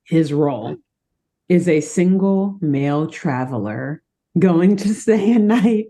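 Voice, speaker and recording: A woman's voice: fairly low pitch, slow pace. A young woman co-hosting a podcast, animatedly retelling a cartoon plot with frequent laughter. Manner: animated storytelling, laughing often. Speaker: podcast co-host recapping a cartoon. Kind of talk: casual chat.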